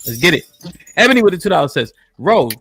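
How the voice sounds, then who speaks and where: A man's voice: high-pitched, sing-song, fast talker, creaky, a bit bright, soft background music. A man hosting a casual live stream, joking and reading viewers' donation messages aloud. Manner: loose and joking, reads chat messages aloud. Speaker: podcast host.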